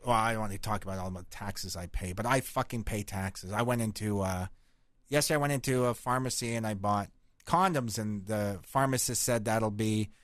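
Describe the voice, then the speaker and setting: A man's voice: lowish voice, normal speed, no room sound, studio quality. A man from Canada hosting a podcast, telling crude stories in brash, profane casual banter. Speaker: podcast host.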